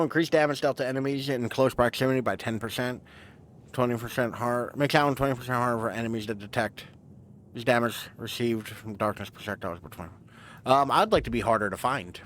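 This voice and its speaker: A man with a mid-range, slightly bright voice talks a little fast, with slight background noise. He's streaming a video game and giving casual let's-play commentary, rambling, self-deprecating, and swearing casually.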